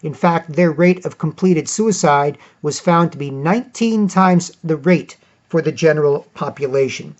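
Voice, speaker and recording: Man, fairly high voice, rambling sarcastic vlog commentary, lots of restarts, dull lo-fi audio. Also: normal speed. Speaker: vlogger. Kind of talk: opinionated commentary reading articles.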